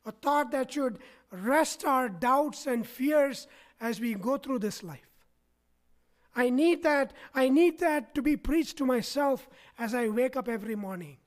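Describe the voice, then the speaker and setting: A man's voice: very high-pitched, unhurried. A man preaching a sermon to his congregation, often checking in with them by asking "right?". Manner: asks the congregation frequent "right?" tags. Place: church.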